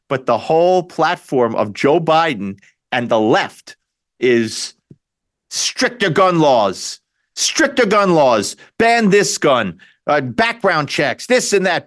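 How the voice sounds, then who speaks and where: A man's voice: on the high side, slow. A man hosting a talk radio show, delivering an opinionated, sarcastic political monologue with frequent restarts. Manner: animated, sarcastic, repeats himself and restarts.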